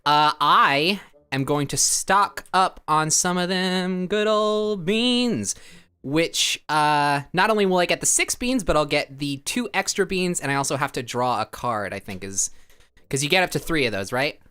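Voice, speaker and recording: Bright, playful young man streaming a board game. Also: a little high, animated, a little slow, clean tone. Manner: playful, riffing, laughs often. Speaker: stream host. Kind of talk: casual game stream chat.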